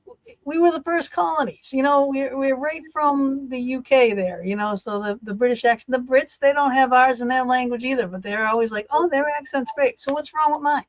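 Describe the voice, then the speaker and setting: A podcast host with a Boston accent, a woman whose voice runs fairly high. She talks in a chatty way and drifts into tangents. The recording is dry and close. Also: fairly even intonation, normal speed, no room sound. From Massachusetts. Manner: chatty, laughs often, tangents. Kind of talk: casual podcast chat.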